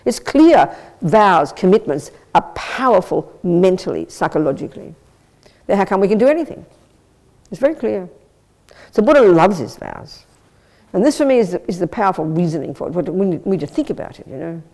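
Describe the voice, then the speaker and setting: Blunt, lively woman giving a dharma talk. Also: on the low side, fairly quick. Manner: blunt, lively, conversational and self-mocking. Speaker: Buddhist nun teacher. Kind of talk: dharma talk with audience questions. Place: Buddhist centre teaching room.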